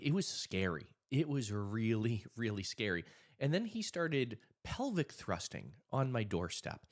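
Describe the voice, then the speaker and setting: The man's voice is medium-pitched and unhurried. A hypnotist and anxiety coach, he tells a casual story to camera and follows it with advice, animatedly acting out the voices of the people involved.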